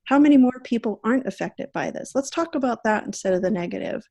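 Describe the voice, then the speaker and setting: A woman's voice: fairly high pitch, expressive, fast talker, mellow. Chatty earnest woman host. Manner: chatty, earnest, frequent "you know" fillers. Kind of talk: casual video chat.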